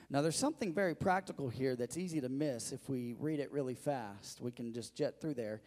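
A man's voice: medium pitch, brisk, few pauses, darkish tone, long reverb tail. A male pastor preaching a sermon, asking the congregation questions and calling for their responses.

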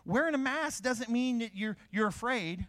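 A man's voice: very high-pitched, expressive, moderate pace, fairly bright tone. A middle-aged man preaching a sermon, asking questions and answering them himself.

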